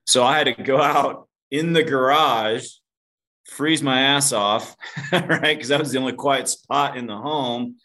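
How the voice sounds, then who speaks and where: A man's voice: mid-range voice, unhurried, pushed and bright. A man guest on a podcast interview, telling a personal story candidly, mocking himself and swearing casually. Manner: self-deprecating, casual swearing; calls the host dude.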